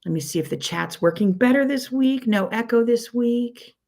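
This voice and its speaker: Her fairly high, creaky voice has lively intonation and a slightly mellow tone, at a moderate pace. A Pittsburgh-accented quilting teacher from Pittsburgh, USA, she hosts a weekly casual livestream, rambling chattily with many "um"s and greeting viewers by name.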